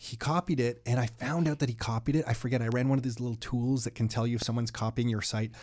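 A man's voice: medium pitch, quick pace. A Canadian man hosting a casual interview show, telling stories with animation and frequent laughter. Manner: animated storyteller, laughs often. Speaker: show host.

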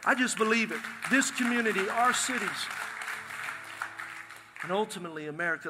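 A middle-aged male pastor, preaching a lively, joking sermon in a large church. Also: high-pitched, fairly quick, long pauses, husky. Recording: long hall reverb from a live sanctuary.

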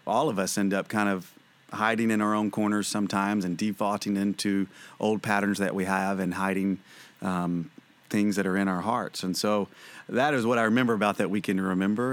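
Earnest rambling man, low voice. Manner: earnest, rambling with many fillers and restarts. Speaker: ministry president, guest. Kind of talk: conversational interview answers.

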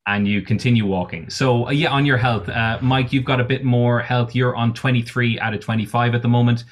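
Man, game master, mid-pitched voice, rambling narration, lots of fillers. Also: fairly even intonation, brisk. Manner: rambling, laughs often, many fillers.

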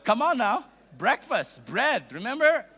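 A middle-aged Filipino bishop preaches in a high, bright voice. His pitch swings widely as he jokes with the congregation. The delivery is playful and animated, full of quick asides. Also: slightly rough. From Philippines. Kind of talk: sermon.

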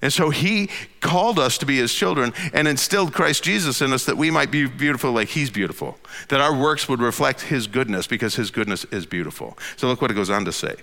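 A man preaching a sermon, swinging between loud emphatic lines and hushed near-whispers. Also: mid-range voice, fairly quick, creaky, few pauses, long reverb tail. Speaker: pastor.

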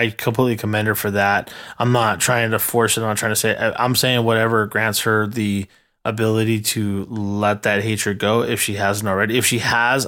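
A man co-hosting a podcast, speaking earnestly and haltingly with many restarts. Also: fairly low pitch, fairly bright tone. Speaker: podcast co-host. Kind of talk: casual podcast chat.

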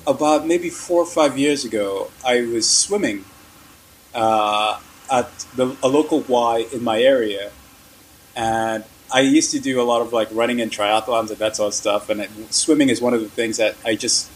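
A man's voice: medium pitch, normal speed, a little hiss or hum, poor audio. A man telling a story as an interview guest, in a casual, rambling, conversational way.

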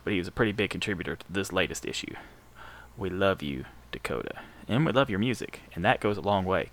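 A man's voice: deep voice, creaky, fairly bright tone. A male radio host with a Southern accent, back-announcing punk songs in a casual, profane, joking manner.

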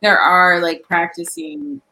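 A woman's voice: fairly low pitch, animated, slow, vocal fry, pushed and bright, low-quality recording. A woman chatting on a casual podcast who jumps in to correct the others. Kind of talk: casual chat.

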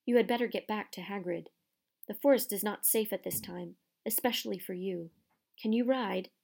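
A young male centaur with a calm, solemn manner , read by a woman. He speaks gravely and evenly, with a slightly gravelly voice, in a storybook reading. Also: medium pitch. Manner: solemn, measured.

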